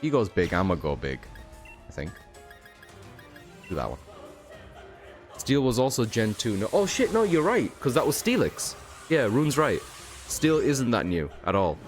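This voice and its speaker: A man's voice: mid-range voice, huge pitch swings, measured pace, pauses often, faint music behind. A young man streaming a game, talking in a tired, rambling way full of fillers and casual swearing. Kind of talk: casual gameplay commentary.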